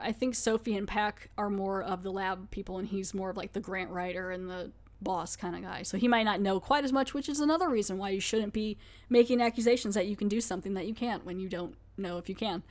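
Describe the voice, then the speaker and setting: A woman's voice: mid-range voice, a little fast. A woman hosting a podcast, chatting casually and full of fillers as she recaps and reviews a TV episode. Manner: chatty, filler-heavy, acts out quotes.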